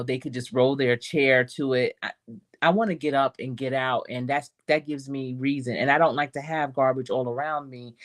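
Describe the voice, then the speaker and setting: A middle-aged woman coach telling a story in a casual motivational talk, laughing often and calling her listeners y'all. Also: very deep voice. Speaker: life coach.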